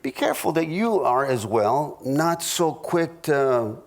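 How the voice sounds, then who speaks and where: High-pitched middle-aged pastor man, funny sermon, stumbly storytelling. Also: sing-song, creaky. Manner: storytelling, halting restarts, jokey asides. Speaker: pastor teaching a marriage class. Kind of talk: humorous sermon.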